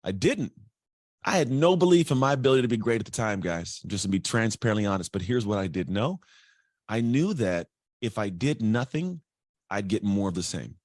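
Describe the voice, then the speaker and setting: A man telling his life story as a guest, energetic and chatty, acting out other people's voices. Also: fairly low pitch, fairly quick, no echo, clean studio sound. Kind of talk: candid storytelling.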